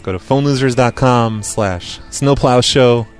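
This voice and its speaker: A man's voice: medium pitch, unhurried, soft background music. A man hosting a podcast, playing listener voicemails and answering them with dry, sarcastic asides. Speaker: podcast host. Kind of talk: casual voicemail show banter.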